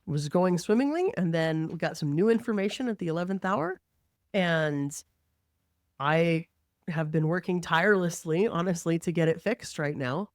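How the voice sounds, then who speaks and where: A woman who works as a mortgage lender, telling a work story in an animated, conversational way and acting out the quotes. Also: lowish voice, moderate pace, no echo, clean studio sound.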